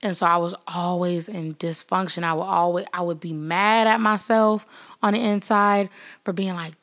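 A woman's voice: lowish voice, steady tone, normal speed, a bit bright. A woman vlogger giving a motivational talk to her viewers, repeating phrases for emphasis and acting out the voices she quotes. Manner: speaks straight to viewers, acts out quoted voices; laughs now and then. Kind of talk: motivational vlog talk to camera.

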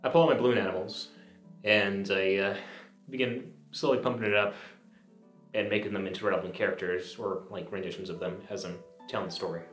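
A man's voice: on the low side, fairly even intonation, a little fast, a bit bright, soft background music. A laid-back, joking man with a Southern accent playing a tabletop game, heard in an echoey room. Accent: American Southern. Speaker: player. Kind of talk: casual tabletop play. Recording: roomy echo.

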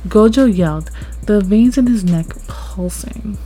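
A woman reading a first-person story aloud, expressive and rising at tense moments. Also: mid-range voice, measured pace. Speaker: story narrator. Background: faint background music.

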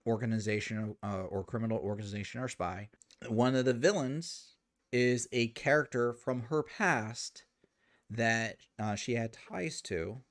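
A man chatting about a movie on a review show, weighing his words with plenty of pauses and fillers. His pitch is ordinary for a man. The recording is dry and close-miked. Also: dry recording. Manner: hesitant, many fillers, measured. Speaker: podcast co-host. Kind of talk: casual movie review chat.

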